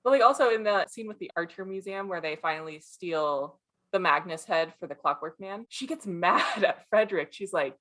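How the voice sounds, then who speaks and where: A woman's voice: mid-range voice, expressive, a little fast, a bit bright. A young woman co-hosting a casual book podcast, analytical and wry, acting out characters' lines as she goes. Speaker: podcast co-host.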